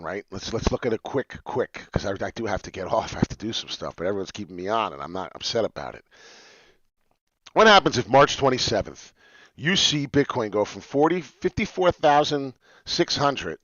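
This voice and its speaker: A man streaming live to his followers, excitedly walking them through crypto price charts in casual talk. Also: lowish voice, dry recording. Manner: excitable, talks straight to followers. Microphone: webcam mic, seen on stream. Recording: dull lo-fi dry stream audio.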